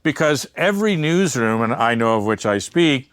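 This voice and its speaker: A man's voice: medium pitch, animated, normal speed, fairly bright tone, clean tone, no room sound. Blunt, profane man in a dry room. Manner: blunt, profane and emphatic, with rambling asides. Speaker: media entrepreneur and interview guest. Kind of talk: candid conversational interview.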